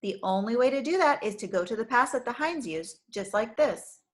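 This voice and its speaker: A kind, cheerful male shepherd, gentle yet strong, speaking with easy confidence, as a woman reading a storybook puts him on. His tone stays bright and reassuring. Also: fairly high pitch, lively intonation, moderate pace, close to an everyday voice.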